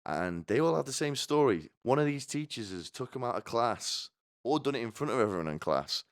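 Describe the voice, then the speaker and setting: A man's voice: mid-range voice, animated, a little fast, no room sound, studio quality. A man hosting a podcast, delivering a rambling, sardonic comedic monologue full of restarts. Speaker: podcast host.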